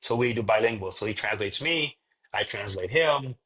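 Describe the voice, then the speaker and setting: A man's voice: fairly low pitch, animated, normal speed, pushed and bright. A man, a pastor who is a podcast guest, telling a story in casual conversation and acting out the quoted dialogue.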